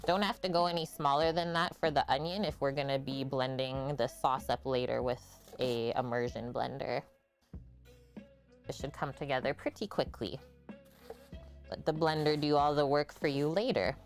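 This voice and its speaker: A woman's voice: very deep voice, fairly even intonation, normal speed, soft background music. A woman hosting a live cooking stream in a home kitchen, chatting casually and explaining each step as she cooks.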